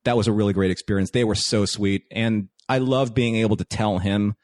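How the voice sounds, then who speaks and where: Animated storytelling man, low voice, dry sound. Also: a little fast, no room sound. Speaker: podcast guest. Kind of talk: casual chat.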